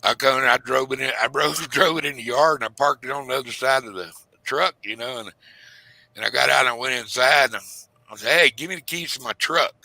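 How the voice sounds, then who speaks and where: A man's voice: mid-range voice, a little fast, gravelly, pushed and bright, dry recording. A middle-aged man telling a rambling story in casual chat, acting out his parents' lines in a raised voice.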